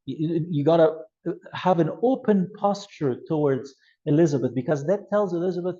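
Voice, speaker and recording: Male lecturer, mellow and slightly high voice, lively classroom delivery, muffled lo-fi sound. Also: moderate pace. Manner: animated, acts out scenarios with voice changes. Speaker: youth ministry instructor. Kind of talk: classroom lecture with role-play examples.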